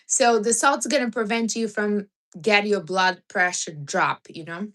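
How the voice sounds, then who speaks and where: Woman, livestream host, casual chat, blunt and teasing, mid pitch. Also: slow, fairly bright tone. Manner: blunt, teasing advice with non-native grammar.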